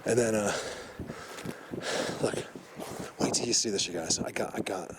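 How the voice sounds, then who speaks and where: Out in the woods, a man vlogs to his camera about his hike, excited and emotional, rambling and restarting often. His voice sits on the low side at a moderate pace, with heavy background noise.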